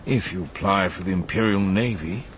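A man's voice: low voice, normal speed, slight background noise, close to an everyday voice. A man voicing a bored older male recruiting officer, clipped and dry, in an audiobook reading.

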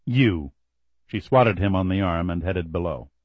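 A man reading a novel aloud in a measured, even storytelling manner. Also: deep voice, no room sound, muffled recording. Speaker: audiobook narrator. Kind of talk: scripted narration.

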